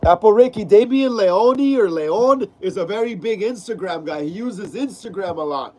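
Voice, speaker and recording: A man's voice: sits high, dark tone, husky, low-quality recording. A man hosting a horror film live stream, sick with a clogged nose that makes him sound stuffy and nasal. He reads out viewer comments in a laid-back, slangy way, repeating his phrases and calling viewers "bro.".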